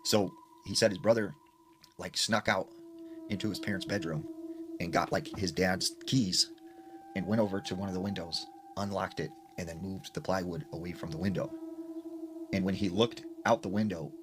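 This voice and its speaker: A man's voice: low-pitched, fairly even intonation, moderate pace, over music. A man casually retelling a scary story he heard, talking in a loose, conversational way with lots of fillers. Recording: noisy ambient recording.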